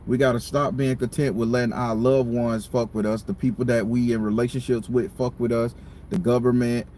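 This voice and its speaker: A man's voice: mid-range voice, warm tone, a little hiss or hum. A man hosting a live stream from a parked car, venting in a heated, profane rant. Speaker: tarot reader and channel host.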